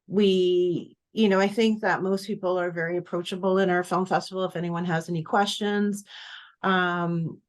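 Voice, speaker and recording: A woman programmer answering in an interview, hesitant with many fillers and quick to laugh. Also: on the low side. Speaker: festival programmer, guest.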